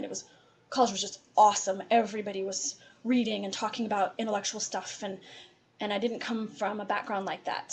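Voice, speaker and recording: A woman from Appalachia with an Appalachian accent, giving chatty, encouraging advice to students in a presentation. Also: medium pitch. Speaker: college advisor.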